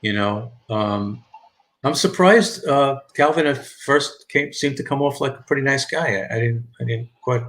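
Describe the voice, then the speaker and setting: Speaking at a normal pace with a fairly bright, medium-pitched tone, this middle-aged man from New York has a heavy New York accent. He's running a laid-back live stream, wandering through his thoughts with restarts and repetitions while reading the chat out loud.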